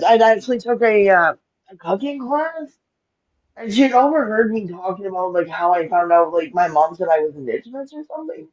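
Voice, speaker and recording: Blunt, animated woman on a dull line. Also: medium pitch. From Alberta, Canada. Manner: blunt, animated, swears freely. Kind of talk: casual chat, storytelling. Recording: dull lo-fi sound.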